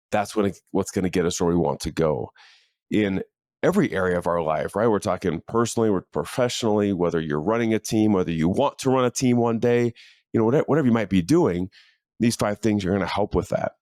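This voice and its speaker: Man, middle-aged, low voice, casual motivational monologue, dry home-office podcast sound. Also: a little mellow, dry recording. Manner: earnest, conversational, with frequent fillers and restarts. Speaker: podcast host and leadership coach. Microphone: studio microphone in a home office.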